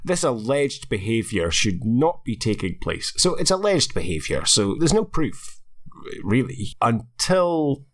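A man's voice: medium pitch, very animated, a little slow. A man co-hosting a podcast, chatting casually with dry, sarcastic jokes. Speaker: podcast co-host. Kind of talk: casual chat.

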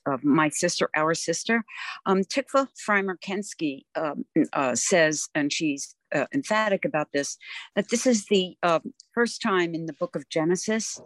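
A woman's voice: on the low side, expressive, unhurried, fairly bright tone, no echo. A woman joining a class to comment, hesitant with many fillers. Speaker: class participant.

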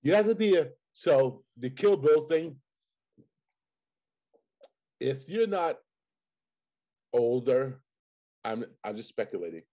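Husky-voiced man, casual and profane. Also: medium pitch, sing-song, slow, pauses often, dark tone. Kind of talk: casual chat.

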